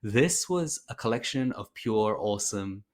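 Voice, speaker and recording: Low-voiced enthusiastic podcast co-host man. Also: expressive, unhurried. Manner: enthusiastic, rambling with fillers. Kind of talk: casual chat.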